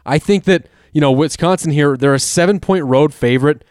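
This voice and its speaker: A man's voice: a little high, brisk, darkish tone, clear, resonant tone, dry recording, clean studio sound. A man hosting a casual sports betting chat, making joking, chatty football picks and thinking aloud as he goes. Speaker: podcast host making college football picks.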